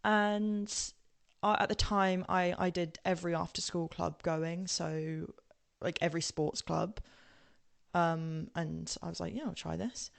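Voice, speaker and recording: Gravelly-voiced young English woman, rambling. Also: fairly low pitch, little pitch movement, takes it slowly. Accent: southern English, now posh-sounding. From England. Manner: rambling with many ums and tangents, laughing. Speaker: podcast guest. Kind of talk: casual personal storytelling.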